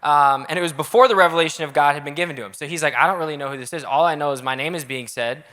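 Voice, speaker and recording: A young adult man preaching a casual, energetic youth sermon in a church auditorium, talking directly with the crowd. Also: on the high side, racing. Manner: energetic, casual, audience-engaging. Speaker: youth pastor. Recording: echoey hall.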